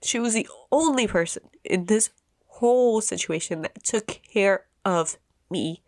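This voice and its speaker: A woman in her thirties, a podcast host telling a personal story in an emotional, halting way with many restarts. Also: medium pitch, a little mellow, no echo, clean studio sound. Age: 30s.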